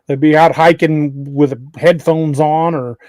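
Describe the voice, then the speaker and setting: Man, podcast co-host, slightly high voice, dry room, slow drawl. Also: steady tone, darkish tone, no room sound. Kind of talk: casual podcast chat.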